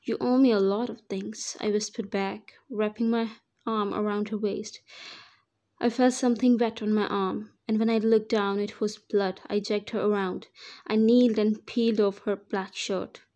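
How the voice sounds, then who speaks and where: Woman narrating a first-person story, dark-toned. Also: mid-range voice, flat delivery, moderate pace. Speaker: fan fiction reader.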